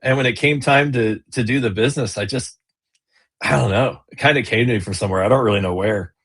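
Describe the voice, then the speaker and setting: A man's voice: mid-range voice, fast, fairly bright tone, breathy edge. A man, a business owner and kayak angler, chatting casually in an interview over a video call, rambling with fillers and restarts.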